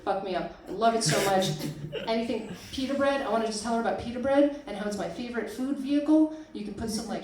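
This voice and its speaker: A woman's voice: medium pitch, a little mellow. Young woman doing standup, laughs at her own bits, sounds far off in a super echoey room w/ audience laughing. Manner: self-deprecating, laughs at own jokes. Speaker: stand-up comic. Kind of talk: stand-up comedy set. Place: small arts venue with live audience.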